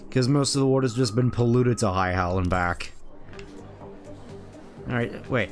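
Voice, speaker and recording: Rich: A man casually talking over his gameplay stream, rambling from one thought to the next and reading things off the screen. His voice sits at a middling pitch, with faint music playing under it. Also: measured pace. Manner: rambling, reads item names aloud, hums along.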